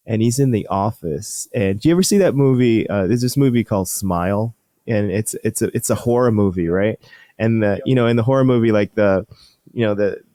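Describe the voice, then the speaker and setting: A man's voice: mid-range voice, a little mellow, no echo, clean studio sound. A middle-aged man, a urologist guest, telling stories in casual interview chat with frequent restarts. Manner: enthusiastic storyteller, laughs often, halting restarts.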